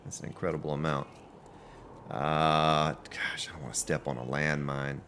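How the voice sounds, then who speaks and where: Deep-voiced chatty male game streamer. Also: fairly even intonation, moderate pace, sharp tone, slight background noise. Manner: chatty, greets viewers by name. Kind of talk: live-stream gameplay commentary.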